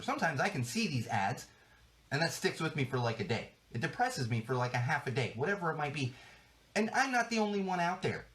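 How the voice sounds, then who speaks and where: A man's voice: on the high side, a bit bright. A man hosting a podcast, ranting in an exasperated, emphatic way and swearing often. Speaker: podcast host. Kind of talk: solo podcast rant. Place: studio.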